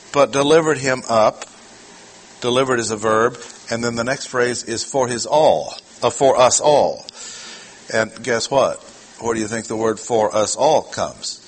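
A man's voice: medium pitch, husky, low-quality recording. Emphatic man teaching a Bible verse. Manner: deliberate, emphatic, slows to stress key words; asks the audience questions. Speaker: preacher.

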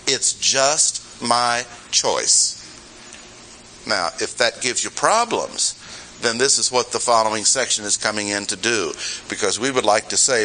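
A man's voice: fairly low pitch, a little slow, pushed and bright, slight background noise, rough recording. A man preaching an expository sermon in a conversational way, with rhetorical questions and humorous asides.

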